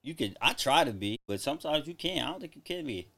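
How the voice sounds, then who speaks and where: A man in casual chat, relaxed, talking in halting restarts. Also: mid-range voice, gravelly.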